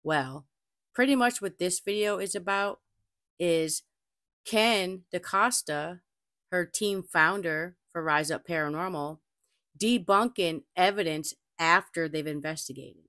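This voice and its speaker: A woman with a notably low voice chats to her viewers as host of her own channel, telling stories with animation and doubling back on her points. She talks into a desk mic, and the sound is close and dry. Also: measured pace, no echo. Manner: chatty, animated storytelling, repeats herself. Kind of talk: casual chat to camera.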